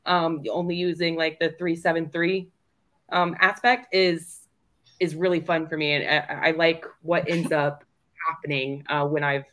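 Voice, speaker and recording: A woman's voice: deep voice, flat delivery, a bit bright. Blunt, swearing female co-host. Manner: blunt and swearing, self-deprecating, quick to laugh. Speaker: co-host, writer. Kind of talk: casual chat.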